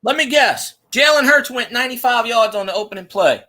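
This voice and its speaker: A man's voice: very high-pitched, lively intonation, brisk, bright, forceful tone. A man joking and wisecracking in a casual livestream chat.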